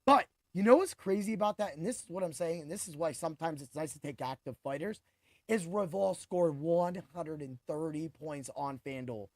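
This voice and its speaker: A man in his forties hosting a sports podcast, talking through fight picks in a hyped, boastful way with quick bursts of emphasis. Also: on the high side, dry recording, studio quality. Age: 40s. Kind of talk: casual sports commentary.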